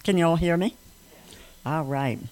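A minister gives a relaxed, folksy talk to a small congregation gathered in a room. The talk mixes jokes with loose, rambling asides and frequent restarts. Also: medium pitch, unhurried. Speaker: minister giving a talk on prayer. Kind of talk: informal sermon to a small congregation. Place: room with a small live audience.

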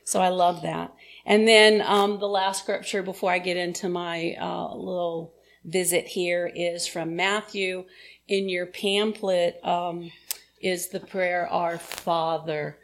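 Woman minister preaching, slow and easygoing, a bit lower voice, chatty. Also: fairly even intonation, slight background noise. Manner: chatty, informal, self-deprecating. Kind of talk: sermon.

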